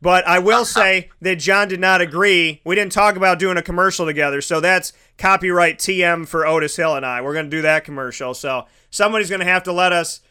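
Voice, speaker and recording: Bright-voiced enthusiastic man hosting. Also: high-pitched, brisk, few pauses, smooth. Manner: enthusiastic, rambling, restarts a lot. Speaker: host. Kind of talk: casual interview chat.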